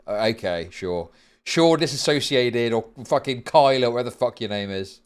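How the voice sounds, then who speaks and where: A man's voice: medium pitch, lively intonation, moderate pace, smooth. A man casually commenting on a video during a live stream, mocking and crude with laughing asides.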